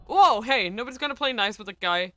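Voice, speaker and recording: A woman's voice: on the high side, lively intonation, fast, pushed and bright. Woman reading a cocky, sarcastic male reporter. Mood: taunting. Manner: taunting, sarcastic. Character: cocky male journalist, needling and bold.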